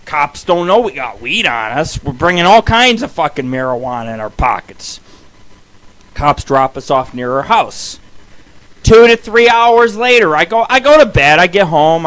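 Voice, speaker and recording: A man hosting an internet radio show, telling rambling profane stories and shouting the punchlines. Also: fairly high pitch, low-quality recording. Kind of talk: profane comic storytelling.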